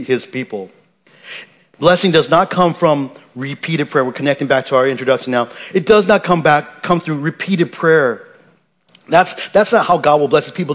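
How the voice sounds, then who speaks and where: A man, a pastor, preaching an earnest, emphatic sermon with frequent restarts and repetitions. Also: a little high.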